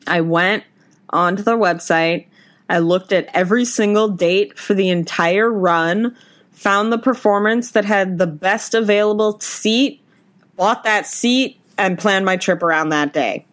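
A woman co-hosting a podcast in casual chat, gushing and excitable, swearing freely. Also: medium pitch, unhurried. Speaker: podcast co-host.

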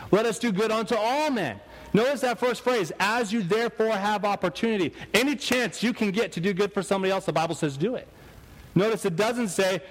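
A man's voice: a little high, long reverb tail, low-quality recording. A man preaching a sermon, telling stories with animation and acting out the voices of people he quotes. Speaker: pastor.

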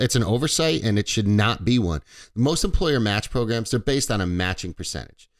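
Low, smooth-voiced man hosting a finance show. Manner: relaxed, explanatory, with fillers and self-corrections. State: a little stuffy. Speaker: financial radio show host. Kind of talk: conversational radio talk.

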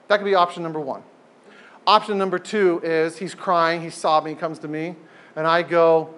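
A man leading an informal group talk, animated and emphatic, often repeating phrases for effect. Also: on the high side, normal speed.

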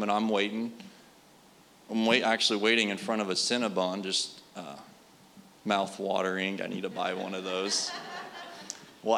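A man's voice: lowish voice, pushed and bright. A man preaching a sermon, telling personal stories in an earnest, conversational way with frequent fillers. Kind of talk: sermon storytelling.

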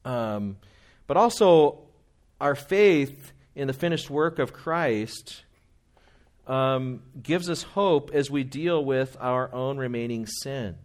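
A man preaching a sermon in an earnest, conversational way, often quoting hymns and older writers. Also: mid-range voice. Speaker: pastor.

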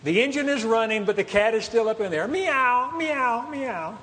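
A man preaching, telling a funny story with lively acted-out bits, meowing and shouting the lines he quotes. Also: high-pitched, fast talker. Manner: animated storyteller, acts out meows and shouts. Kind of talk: storytelling sermon. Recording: hall reverb with faint ambience.

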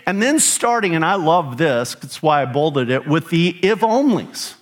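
A man's voice: fairly high pitch, very animated, unhurried, hardly any pauses. A middle-aged man preaching a sermon as pastor, emphatic, with rhetorical questions and rising emphasis on key phrases.

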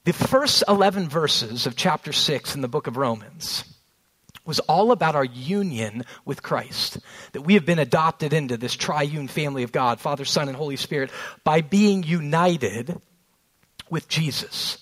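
A man in his thirties preaching a sermon, telling a family story and slowing down on key phrases. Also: a little high, lively intonation, fairly bright tone. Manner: storytelling with rising emphasis, slows on key phrases. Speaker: pastor.

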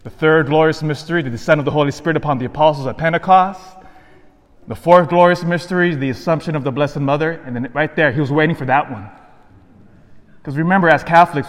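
Preaching priest in a reverberant church. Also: male voice, fairly high pitch, fairly quick. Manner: earnest storyteller, acts out both sides of a conversation. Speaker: Catholic priest. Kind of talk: sermon with a personal story.

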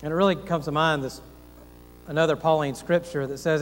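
A man's voice: fairly high pitch, fairly even intonation, fairly quick, long reverb tail, slight background noise, low-quality recording. A man pastor preaching a sermon, earnest and folksy, asking rhetorical questions and making self-deprecating asides.

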